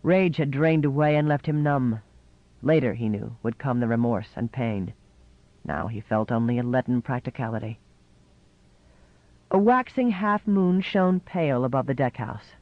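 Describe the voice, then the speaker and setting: A man reading a novel aloud in measured, scripted narration. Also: mid-range voice, lively intonation, no echo, highs cut off. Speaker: audiobook narrator.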